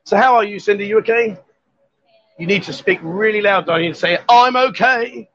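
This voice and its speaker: A man's voice: high-pitched, a little fast, fairly bright tone, no echo. A man hosting a live stream from a bar, chatting in a jovial, teasing way. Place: bar, indoors. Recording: dull lo-fi stream audio.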